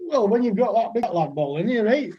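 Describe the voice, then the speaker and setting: Brisk and high-pitched with big swings in pitch, a Lancashire man in his sixties recounts old cricket stories as a podcast guest. He rambles in a chatty way, heavy on dialect and fillers. The highs are cut off, with a little hiss or hum.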